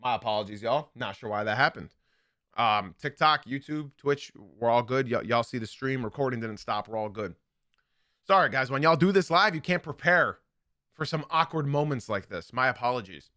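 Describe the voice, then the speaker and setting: A man's voice: mid-range voice, normal speed, bright, forceful tone, dry recording, clean studio sound. A young man hosting a live sports podcast, giving opinionated commentary and repeating his points for emphasis. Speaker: podcast host.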